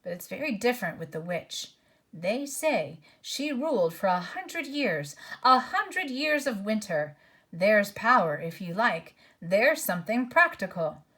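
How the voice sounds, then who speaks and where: Lady putting on a cranky dwarf guy, low and bitter, read-aloud book. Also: big pitch swings, measured pace, sharp tone, breathy edge, full character voice. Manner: low, cold and grumbling. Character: bitter, defiant male dwarf.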